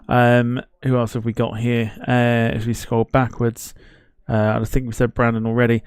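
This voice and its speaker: A man's voice: mid-range voice, level tone, normal speed, hardly any pauses, darkish tone, clear, resonant tone, no echo, clean studio sound. A man hosting a live football watchalong stream, chatting casually, greeting viewers in the chat and laughing at himself as he rambles.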